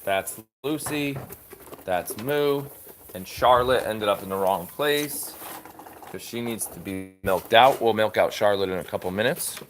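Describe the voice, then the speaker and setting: A man's voice: on the low side, animated, unhurried, a little hiss or hum. Chatty man doing farm chores. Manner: chatty, talks fondly to the animals. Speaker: farmer hosting a live stream. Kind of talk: casual live-stream chat while doing farm chores. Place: farm barn with animal pens.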